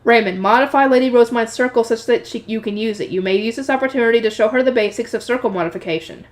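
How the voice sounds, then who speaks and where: A woman's voice: fairly high pitch, quick pace, natural voice. A woman voicing a blunt, exasperated female noble researcher in a read-aloud novel, with a dry lecturing manner. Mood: instructive.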